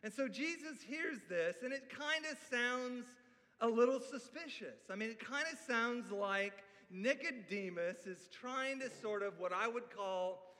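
A man preaching a sermon, telling the story in a conversational, animated way with asides to the listeners. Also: very high voice, unhurried. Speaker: pastor. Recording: echoey hall with long reverb.

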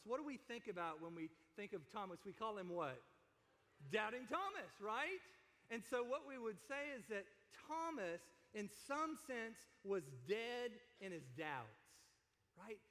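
A man preaching a sermon in a conversational, animated way, often asking his listeners questions. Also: high-pitched, moderate pace, long reverb tail. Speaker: pastor.

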